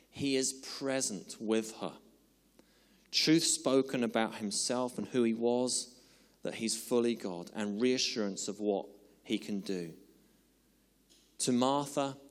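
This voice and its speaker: A man preaching a sermon in earnest, slowing down for emphasis and then easing into chatty, humorous asides. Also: on the low side. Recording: long hall reverb.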